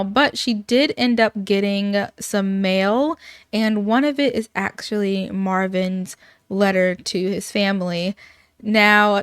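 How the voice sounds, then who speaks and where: A woman's voice: mid-range voice, no room sound, clean studio sound. A woman casually commentating a life sim let's play in a chatty, upbeat way. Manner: chatty, upbeat, many fillers.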